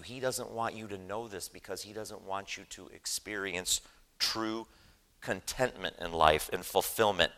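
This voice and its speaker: A man's voice: deep voice, bright, forceful tone. A man preaching a sermon in a church, earnest and emphatic, often asking the congregation "right?". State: choked up with emotion. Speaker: lay preacher.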